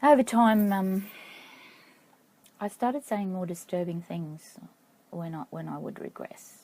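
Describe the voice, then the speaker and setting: A middle-aged woman telling a personal story to camera in a halting, reflective way, stopping now and then to check her notes. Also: on the low side, expressive, dark tone, poor audio. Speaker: vlogger.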